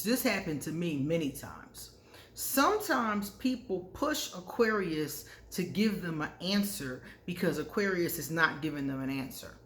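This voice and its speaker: A woman hosting an astrology channel, telling personal stories in a candid, casual way and often laughing at herself. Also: on the low side. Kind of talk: casual storytelling to camera. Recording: echoey room.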